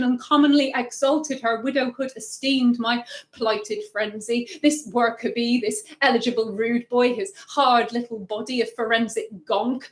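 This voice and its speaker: A poet, a woman, reading her own work aloud at a live launch, dropping low and quiet then lifting loud.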